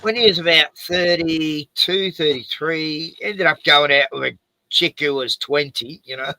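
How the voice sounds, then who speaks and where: A man's voice: a little high, unhurried, pushed and bright, poor audio. A middle-aged man hosting a late-night livestream, chatting casually, rambling with restarts, swearing and laughing often. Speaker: livestream host.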